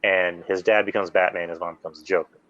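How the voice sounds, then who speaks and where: A man hosting a casual podcast, rambling excitedly through story recaps with lots of fillers. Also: low voice, quick pace, highs cut off. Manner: rambling, animated fan recounting plots with many fillers. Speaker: podcast host. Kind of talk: casual chat.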